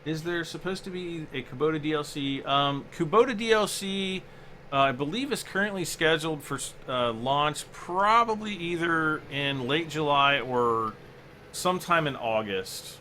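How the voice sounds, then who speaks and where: A man's voice: a little high, normal speed, pushed and bright, slight background noise. A man hosting a game livestream, chatting casually and rambling as he answers viewers' chat questions between moves.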